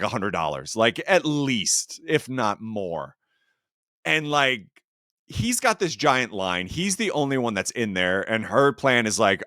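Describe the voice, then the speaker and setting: A man's voice: medium pitch, no echo, studio quality. A man hosting a podcast, chatting casually about a film in a rambling way, full of fillers. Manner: rambling, heavy use of "like", animated rises. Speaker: podcast host. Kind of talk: casual movie review chat.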